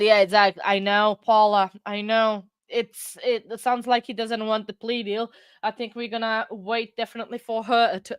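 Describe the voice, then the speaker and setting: A woman's voice: medium pitch, a bit bright, no room sound, studio quality. Giggly woman chatting on a livestream. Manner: giggly, playful, rambling with frequent laughs. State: a bit out of breath. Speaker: livestream host. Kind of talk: casual livestream chat, reading chat aloud.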